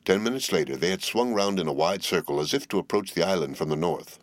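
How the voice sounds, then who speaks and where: Deep-voiced male audiobook narrator. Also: expressive, quick pace, few pauses, no echo. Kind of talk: scripted narration.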